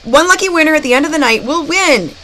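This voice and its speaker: A woman's voice: high-pitched, expressive, fast, pushed and bright, slight background noise, rough recording. A female horror movie host chatting and giggling while reading movie trivia. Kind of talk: live-stream chat with movie trivia.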